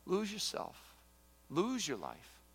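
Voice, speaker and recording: Lively man preaching in an echoey hall. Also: high-pitched, slow, slightly rough. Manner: animated storytelling, swings between loud exclamations and hushed intensity. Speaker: pastor. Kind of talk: sermon.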